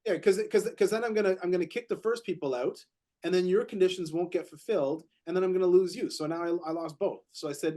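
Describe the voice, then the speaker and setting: A man with a fairly high voice tells a story on a podcast in casual chat. He gets animated, repeats words as he gathers speed, and acts out the quotes of the other people in the story. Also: quick pace. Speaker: podcast co-host, real estate agent.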